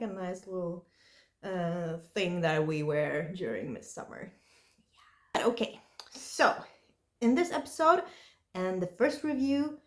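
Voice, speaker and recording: A woman's voice: medium pitch, a little mellow. A woman reviewing horror movies in a casual, rambling way, full of likes and you-knows.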